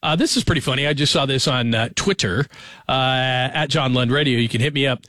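A man's voice: mid-range voice, a little fast, sharp tone, no echo. A man in his forties hosting a sports radio show from a studio microphone, chatting casually and rambling through stories with plenty of fillers. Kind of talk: casual talk radio chat.

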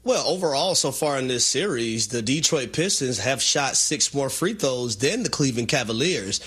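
Husky man breaking down a game. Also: mid-range voice, expressive, moderate pace, a bit bright. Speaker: sports talk co-host. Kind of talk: sports analysis chat.

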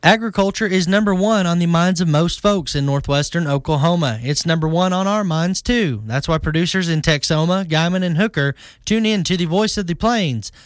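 A man's voice: fairly high pitch, normal speed, few pauses, no room sound. Man reading a station promo. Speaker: station announcer.

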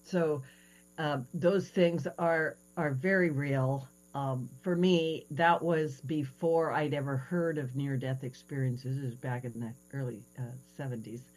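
Radio host, female, low voice with a faint hum behind, chatty storyteller. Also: measured pace, poor audio. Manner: animated storytelling, hesitant fillers. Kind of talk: casual radio interview chat.

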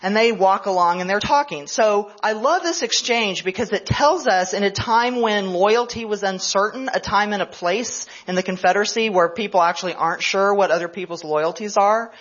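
A woman's voice: mid-range voice, normal speed, hardly any pauses. A woman history professor giving a conference lecture, telling events as a story and explaining them as she goes. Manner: storytelling, explanatory, checks in with "right?". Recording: slightly dull lo-fi radio broadcast.

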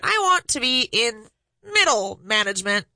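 A woman's voice: on the high side, very animated, moderate pace, sharp tone, no room sound, heavily acted. A woman radio guest putting on an exaggerated, very nasal voice for a party game, holding her nose. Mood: goofy. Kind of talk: party game accent impression.

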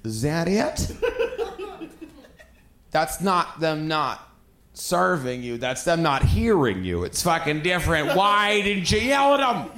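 A man's voice: fairly high pitch, very animated, takes it slowly, fairly bright tone. A male stand-up comedian on a club stage, ranting in a profane, riled-up way. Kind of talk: stand-up set. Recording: echoey club with crowd laughter.

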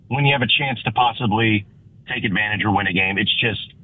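A hoarse man, recovering from losing his voice, calling into a sports talk show as a guest analyst, bluntly exasperated and stumbling into restarts. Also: lowish voice, a little fast. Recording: tinny phone line.

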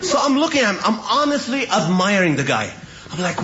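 A man telling a stand-up comedy story in an animated way with a fairly high voice. The clip sounds dull and lo-fi, with clear noise running underneath. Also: fairly quick.

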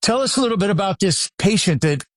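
A man's voice: sits high, expressive, quick pace, no echo, clean studio sound. A man hosting an interview with a guest, chatty and encouraging in a casual back-and-forth. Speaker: chiropractor host interviewing a guest.

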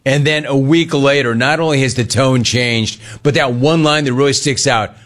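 A man's voice: mid-range voice, moderate pace, few pauses, fairly bright tone. A middle-aged man hosting a sports talk radio show, riffing sarcastically on callers and the news.

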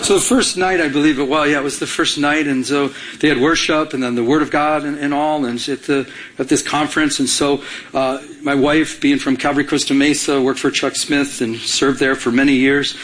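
A man's voice: fairly high pitch, steady tone, a little fast, a bit bright. A middle-aged man from Michigan, a pastor, preaching a sermon and telling a personal story, acting out his own quoted lines with animation.

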